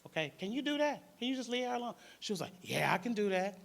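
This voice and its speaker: A man's voice: high voice, big pitch swings, fast, gravelly, fairly bright tone. A man with a Detroit accent, a panelist and former crisis worker, telling a story in casual speech and acting out the voices of the people in it.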